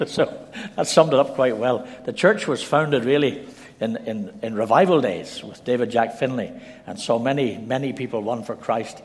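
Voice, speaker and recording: A male preacher delivers a sermon in a church, shifting between measured storytelling and scripture reading. His voice rings out with a long hall reverb around it. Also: medium pitch, lively intonation. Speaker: visiting preacher.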